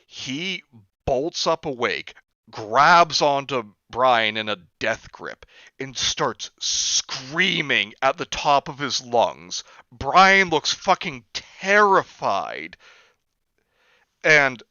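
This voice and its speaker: A man tells stories on a stream in a casual, animated way. His voice is bright and crisp, and the sound is dry and a bit dull. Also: mid-range voice, extremely slow, dry recording. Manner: animated storyteller, acts out quotes. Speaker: streamer host. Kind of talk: casual storytelling chat.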